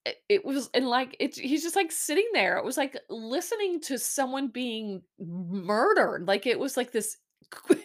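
A woman's voice: medium pitch, fairly bright tone. A woman hosting her own podcast, talking through a reality show episode in an easy, casual way. She rambles and restarts often and breaks into giggles, and her voice sits in an ordinary middle range. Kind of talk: casual chat.

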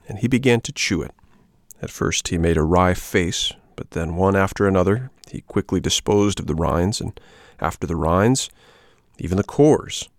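A man with a low, gravelly voice narrating a storybook. His delivery is measured and even. The recording is dry and close, with no room sound. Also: no echo. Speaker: audiobook narrator.

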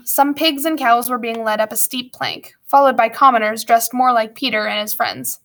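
A woman reading a storybook aloud as narrator, with lively storytelling and wry asides. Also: on the high side, normal speed, few pauses. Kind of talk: audiobook narration.

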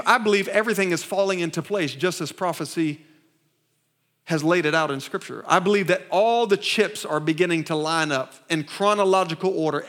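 A man's voice: sits high, a bit bright. A man preaching a sermon to a church congregation, emphatic and repetitive, often asking the crowd to answer back. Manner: call-and-response with the congregation; emphatic, repeats phrases and restarts. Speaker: pastor. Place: church service.

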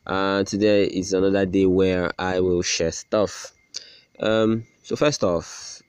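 Young male podcast host, very low voice, dry close mic, rambling and sarcastic. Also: flat delivery, takes it slowly, a little mellow, smooth, no room sound. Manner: rambling, sarcastic, self-deprecating, with many restarts. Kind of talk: casual solo podcast rant.

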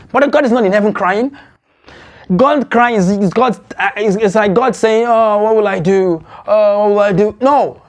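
A man preaching from the pulpit in a high voice. He drives his points home with repeated phrases, calls on the congregation to respond, and keeps checking that they are following along. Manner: repetitive, exhorting, asks congregation to follow along. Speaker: pastor. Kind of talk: sermon.

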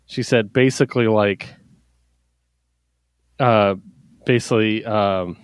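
A man's voice: fairly low pitch, steady tone, takes it slowly, clear, resonant tone, no room sound. A man co-hosting a podcast, recapping comics in casual chat with filler words and swearing. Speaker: podcast co-host.

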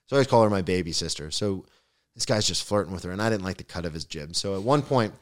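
A young podcast guest tells a comedic story, animated and full of swearing, acting out the quotes himself. He speaks quickly in a deep voice.

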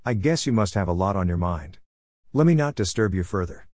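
A man's voice: deep voice, animated, fairly quick, darkish tone, no room sound, clean studio sound. A man voicing a friendly young woman lawyer, chatty and polite, in a narrated story.

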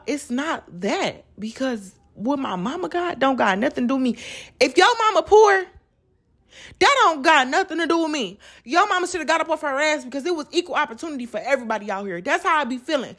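A woman's voice: high voice, animated, a little fast, a bit bright. A woman hosting a podcast, ranting casually and bluntly with lots of profanity, acting out what other people say. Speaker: podcast host. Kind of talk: casual rant.

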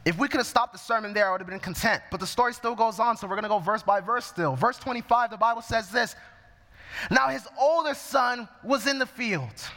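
A man's voice: high voice, brisk, pushed and bright, big-room sound. A man preaching a sermon, reading scripture verse by verse and explaining it as he goes.

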